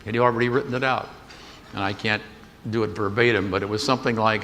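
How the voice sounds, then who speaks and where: A man's voice: lowish voice, steady tone, fast, a bit bright. An older man giving a keynote talk, telling a business story in a folksy anecdotal way and acting out the dialogue. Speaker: keynote speaker. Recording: echoey hall with faint noise.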